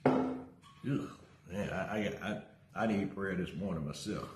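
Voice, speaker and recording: A middle-aged male pastor with a deep voice gives a casual livestream sermon at normal speed, with faint music behind him and a roomy echo. He speaks energetically, greets viewers by name, and tells a story from his own life.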